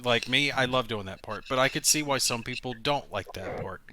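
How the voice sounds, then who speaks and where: A man's voice: mid-range voice, a little fast, sharp tone. A man with a Southern US accent in a casual chat, blunt, joking and dismissive.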